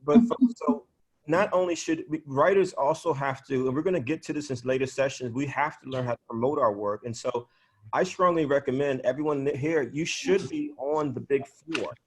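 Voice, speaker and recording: A man's voice: mid-range voice, moderate pace, husky. New York man leading a writing workshop. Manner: encouraging, direct, addresses the group. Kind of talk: teaching an online workshop. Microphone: video call.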